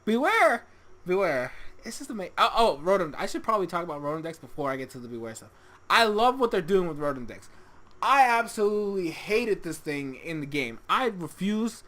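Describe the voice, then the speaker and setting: A young adult reviewing an anime episode in casual solo commentary, excitable, swearing often and laughing a lot. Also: mid-range voice, brisk.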